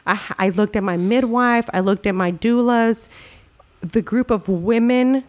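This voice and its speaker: A young woman in casual podcast chat, telling a lively personal story and acting out what people said. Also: fairly high pitch, measured pace. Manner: animated storytelling, acts out quotes, laughs often. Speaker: podcast host.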